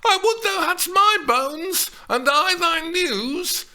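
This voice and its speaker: A man voicing an excitable young woman acting Juliet, screeching and nagging. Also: extremely high pitch, takes it slowly, pitched above the performer's own voice, exaggerated voice. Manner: screeching, impatient.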